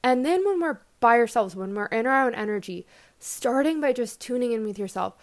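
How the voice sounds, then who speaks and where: A young woman with a slightly higher voice talks through a casual self-help monologue. She sounds reflective and gentle, drifting into relaxed "like" fillers as she thinks aloud. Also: a little fast. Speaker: podcast host and coach.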